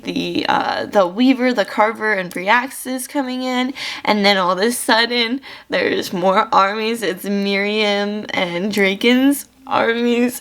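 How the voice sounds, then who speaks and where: A woman's voice: mid-range voice, fairly bright tone. A young woman chatting casually in a reading vlog, gushing about a book with lots of fillers, tearful at times. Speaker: book vlogger.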